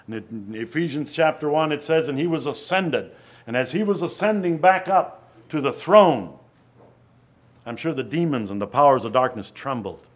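A man preaching an earnest sermon, often dropping to a hush and then rising to loud emphasis. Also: fairly high pitch, animated, normal speed.

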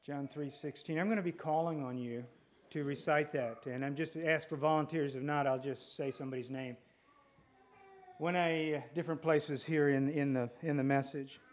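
Man preaching a sermon, voice a bit on the high side, slow and emphatic, keeps repeating lines for weight. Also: fairly even intonation. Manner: deliberate, emphatic preaching with repetition.

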